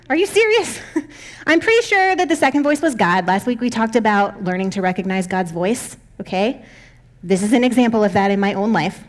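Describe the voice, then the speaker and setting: A young adult woman pastor giving a conversational sermon, candid and self-deprecating, often laughing as she talks. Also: mid-range voice.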